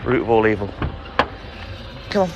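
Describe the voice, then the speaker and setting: A man's voice: fairly low pitch, big pitch swings, normal speed, gravelly, dull audio, very noisy. A man, a milkman chatting casually on a live stream, greeting viewers by name and swearing freely from his delivery van. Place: delivery van on a milk round.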